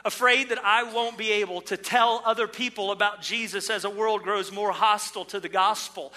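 A man preaching a sermon as pastor, earnest, slowing down to stress his words. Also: very high voice, bright, forceful tone.

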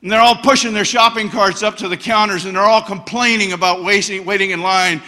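A middle-aged man preaching a passionate sermon as a guest speaker, telling stories and swinging to loud bursts. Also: high voice, fairly even intonation, a little fast. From United States. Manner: passionate, storytelling, bursts of shouting. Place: church hall. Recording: church hall reverb.

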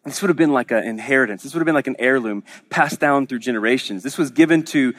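A man's voice: mid-range voice, fast talker, fairly bright tone. A man from Oklahoma preaching a sermon as pastor, in a conversational, joking storytelling manner with frequent restarts.

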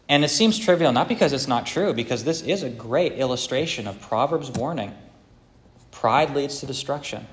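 A man's voice: medium pitch, a little hiss or hum. A man preaching a sermon as pastor, earnest and conversational, with occasional hesitations. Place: church.

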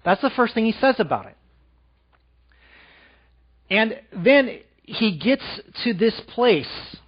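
A man preaching a sermon to a live congregation, asking them questions and dropping to a soft, quiet voice for emphasis. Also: high-pitched, big pitch swings, slow pace, husky, muffled recording. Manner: engaging, asks the audience questions.

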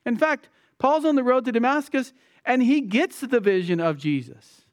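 A man with a high voice preaches an expository sermon in a close, dry sound. He stresses his points by repeating phrases and putting rhetorical questions to his listeners. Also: animated, normal speed, clean tone, no room sound.

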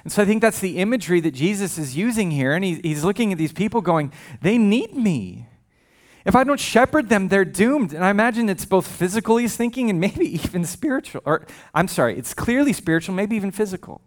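A man's voice: high-pitched, animated, quick pace, few pauses. A male pastor preaching a sermon in a conversational, humorous way, with frequent asides.

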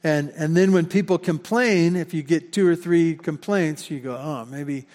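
Pastor preaching with high voice in hall. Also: male voice, normal speed, darkish tone. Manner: conversational, self-correcting, repeats words. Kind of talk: sermon. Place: church sanctuary. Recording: long hall reverb.

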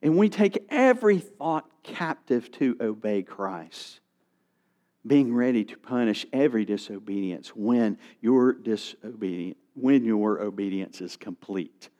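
A man's voice: fairly low pitch, expressive, a little slow, dark tone. A middle-aged male pastor preaching a sermon, reading scripture and animating his stories with quoted voices.

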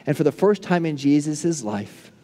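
A male pastor preaching a sermon, building to impassioned peaks and then falling to hushed, soft prayer. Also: a little high, expressive, normal speed, in a large hall. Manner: impassioned, rising to near shouts then dropping to hushed tones.

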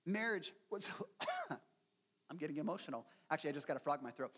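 Middle-aged male pastor, high voice, conversational sermon, long reverb. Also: fast talker, slightly rough. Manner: conversational, earnest, repeats words when starting sentences.

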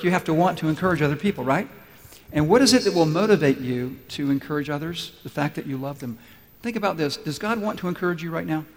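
A man preaching a sermon as pastor, emphatic and repeating key phrases slowly for weight. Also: fairly high pitch. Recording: long reverb of a large hall.

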